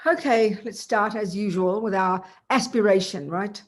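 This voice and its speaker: A woman teaching Buddhism in a relaxed, chatty way, often asking her listeners rhetorical questions. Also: medium pitch, unhurried. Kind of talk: informal dharma teaching.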